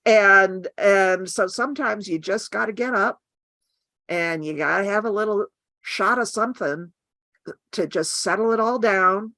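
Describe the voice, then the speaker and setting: A woman's voice: medium pitch, measured pace, pushed and bright, no room sound. Frank older woman, dry close sound. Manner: frank, wry asides. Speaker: guest artist. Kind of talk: casual chat.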